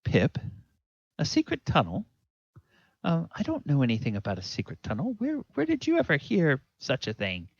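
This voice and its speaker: A man's voice: extremely high pitch, sing-song, takes it slowly, vocal fry, fairly bright tone, dry recording, voice pushed up, exaggerated voice. Figure: halfling farm mother, fussy and motherly. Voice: a man putting on a raised, flustered tone. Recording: dull lo-fi tabletop game. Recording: dull lo-fi sound.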